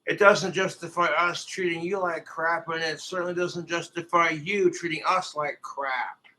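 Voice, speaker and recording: A man rants crudely on a livestream, swearing freely as he talks to his viewers. His voice sits a little high and comes out forceful and tense. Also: steady tone, moderate pace, rough recording. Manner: crude, profane, ranting. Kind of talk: livestream rant.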